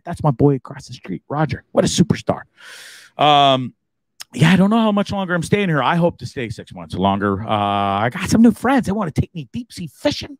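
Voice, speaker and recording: A man hosting a live stream from home, chatting casually and laughing through his jokes. His voice sits a bit high and leaps all over the place, and he swears freely. The sound is dry and close. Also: a little fast, no room sound. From Canada, Hamilton region. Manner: jokey, animated, swears freely, laughs often.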